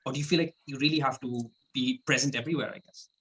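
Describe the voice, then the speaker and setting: Fast-talking interview host. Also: mid-range voice, a bit bright, husky, low-quality recording. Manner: fast, chatty, many "you know"s. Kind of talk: interview questions.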